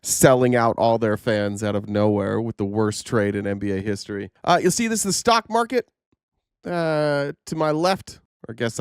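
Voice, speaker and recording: A man's voice: mid-range voice, smooth, dry recording, clean studio sound. Sarcastic man riffing on headlines. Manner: sarcastic, rambling, frequent fillers. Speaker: commentary host. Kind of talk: casual news commentary.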